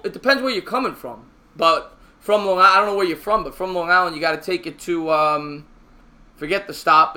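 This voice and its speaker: Man, fan play-by-play, high voice, sharp forceful tone, chatty with viewers, excitable on big plays. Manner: chatty, answers viewer comments between pitches. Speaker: live stream host.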